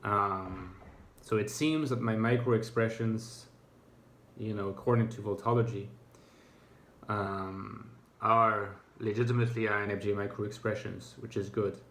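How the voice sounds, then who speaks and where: Low-voiced man musing in an echoey room. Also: fairly even intonation, a little slow, a bit bright. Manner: hesitant, thoughtful, many fillers and restarts. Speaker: YouTuber. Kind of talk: reflective casual monologue.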